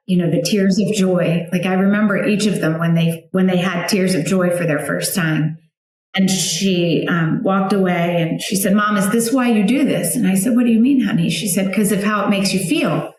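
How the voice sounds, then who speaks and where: Woman guest, 30s-40s, chatty and heartfelt, lots of fillers; very roomy echo on the mic. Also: fairly low pitch. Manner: chatty, emotional storytelling with many fillers. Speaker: guest, founder of a flower outreach for widows. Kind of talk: personal storytelling interview.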